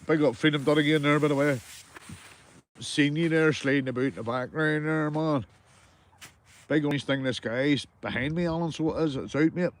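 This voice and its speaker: Out fishing, a Northern Irish angler talks from a small tent to his live-stream audience through a phone or camera, greeting each viewer by name and calling them mate. His voice is fairly high-pitched and his speed normal.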